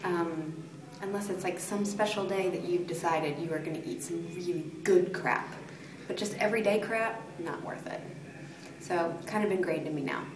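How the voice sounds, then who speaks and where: Woman doing a chatty fitness video diary, lowish voice, far from the mic, noisy echoey room. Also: normal speed. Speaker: fitness client. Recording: echoey room, distant mic, background noise.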